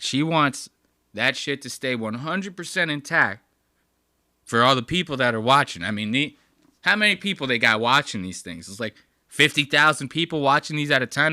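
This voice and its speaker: A man hosting a casual live stream, mocking a clip with crude, animated commentary. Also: medium pitch, dry recording, clean studio sound. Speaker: host.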